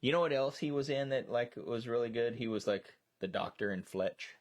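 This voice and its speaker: A man's voice: mid-range voice, fairly quick, no echo. A man co-hosting a casual movie chat on a live stream, rambling with many restarts and fillers. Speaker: co-host. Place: storage shed.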